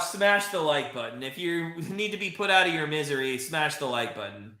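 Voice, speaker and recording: Excitable man hosting a game watch party. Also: on the high side, normal speed, reverberant. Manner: excitable, chatty, swears, reads chat. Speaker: livestream host. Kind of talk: live watch-party commentary.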